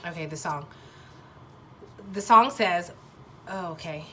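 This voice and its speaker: Young woman, nasal and stuffy, tarot reading, halting and searching for words, bright slightly low voice. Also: slight background noise. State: nasal from a sinus infection. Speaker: tarot reader. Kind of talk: casual intuitive tarot reading.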